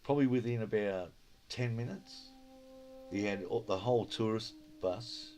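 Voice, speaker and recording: A man's voice: lowish voice, normal speed, darkish tone, slight background noise. A man with an Australian accent telling rambling stories in a casual chat, swearing freely and acting out what people said. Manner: rambling, swears freely, acts out quoted dialogue. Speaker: storyteller.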